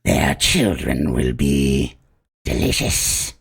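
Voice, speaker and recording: A zealous rat-folk cultist growls his threats very slowly from deep in his throat. His voice is rough and raspy, yet it swings widely in pitch. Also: animated, exaggerated voice. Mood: menacing. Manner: slow, gravelly menace with hissing threats. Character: hissing male rat-folk cultist leader, menacing zealot. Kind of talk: tabletop role-play voice.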